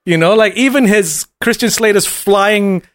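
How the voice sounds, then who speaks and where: A man's voice: high-pitched, unhurried, heavy background noise. A man in casual chat about films, swearing freely and quoting movie lines.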